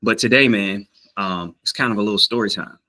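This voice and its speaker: Speaking briskly in a lowish voice, this Southern US man tells a story in a casual language-learning vlog. The recording is low quality, and his delivery is animated, with plenty of fillers, restarts, and acted-out quoted voices.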